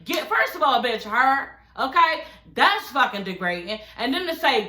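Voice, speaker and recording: A woman giving a brash, profane, animated recap of a reality show from her living room. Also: high-pitched, normal speed. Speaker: recap vlogger. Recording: echoey room.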